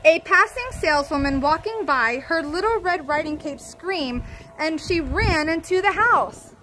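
A woman narrating a children's storybook aloud in a lively, playful way. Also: very high-pitched, unhurried, noisy background.

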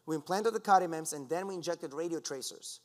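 A man giving a scientific conference talk, lecturing in a lively, conversational way with asides to the audience. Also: on the high side, brisk. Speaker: conference speaker. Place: lecture hall.

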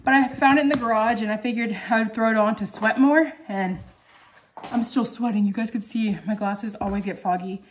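A woman's voice: fairly high pitch, steady tone, normal speed, a little hiss or hum. A young woman chatting casually in a home vlog, full of "um" and "like" and out of breath after a workout. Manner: chatty, many fillers like "um" and "like". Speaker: vlogger.

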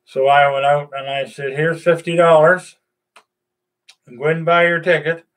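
An older man, casually chatting to his viewers in a rambling, folksy way with lots of pauses. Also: fairly high pitch, flat delivery, fairly bright tone. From Nova Scotia, Canada. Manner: rambling, folksy, many "uh"s and restarts. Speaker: vlogger. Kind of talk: casual chat to camera.

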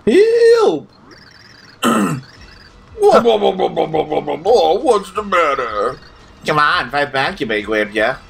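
A man's voice: fairly high pitch, lively intonation, unhurried, creaky, fairly bright tone, breathy edge. A man joking along as co-host of a let's-play video. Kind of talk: casual gameplay banter.

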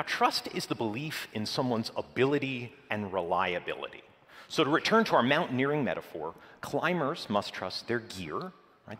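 Male conference presenter, very expressive intonation, measured dramatic emphasis, reverberant hall. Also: mid-range voice. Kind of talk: scripted conference keynote.

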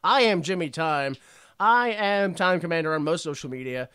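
Bright-voiced joking podcast host man. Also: fairly high pitch, animated, smooth, dry recording, studio quality. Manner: joking, laughs often, quick rambling asides. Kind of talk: casual comedic podcast chat.

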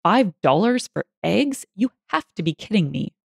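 A woman's voice: medium pitch, very animated, moderate pace, vocal fry, breathy edge, no echo, studio quality, heavily acted. A woman voicing a grumpy older man who rants indignantly about the price of eggs in a read-aloud story. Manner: indignant, yelling.

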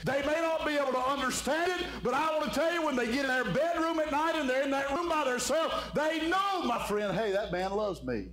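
A man's voice: extremely high pitch, brisk, few pauses, a bit bright. A man preaching an evening sermon as pastor, fervent and fond of saying "my friend". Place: church sanctuary. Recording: echoey church room with faint hum.

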